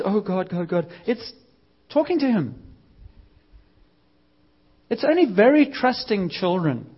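A man preaching a sermon in a church service, with a conversational, energetic delivery and lively quoted voices. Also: fairly high pitch, breathy edge. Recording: dull lo-fi sound.

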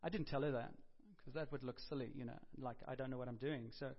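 A man's voice: medium pitch, steady tone, fast. A man preaching a sermon, telling stories conversationally with asides, self-corrections and dry humor. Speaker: pastor. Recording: dull lo-fi sound.

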